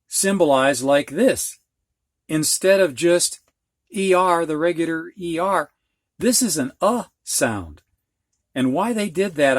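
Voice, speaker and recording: With a slightly high voice and no echo, a man with an American Midwest accent gives a slow reading lesson. He plainly explains dictionary pronunciation symbols and draws out the sounds to demonstrate each one.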